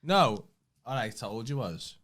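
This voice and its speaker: A man's voice: mid-range voice, very animated, takes it slowly, fairly bright tone. A young man, co-hosting a casual podcast and telling rambling, sweary anecdotes. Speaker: podcast co-host. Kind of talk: casual chat, storytelling.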